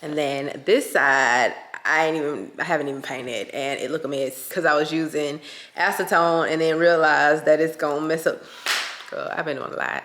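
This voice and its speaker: A woman's voice: low voice, steady tone, normal speed, a bit bright. A tired woman vlogger chatting casually to camera at home, calling her viewers y'all and friend. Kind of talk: casual vlog chat to camera. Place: her home, indoor rooms. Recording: echoey room at home.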